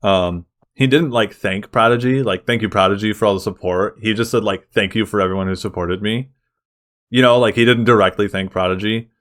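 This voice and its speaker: Excitable man co-hosting a podcast. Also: fairly low pitch, a little fast. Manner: excitable, uses lots of fillers. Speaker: podcast co-host. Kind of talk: casual chat.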